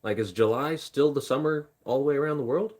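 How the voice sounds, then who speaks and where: A man's voice: medium pitch, a little fast, darkish tone. A young man from Indiana chatting casually on a live stream, rambling and joking at himself while talking to chat and his dog. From Indiana, USA. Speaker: livestreamer.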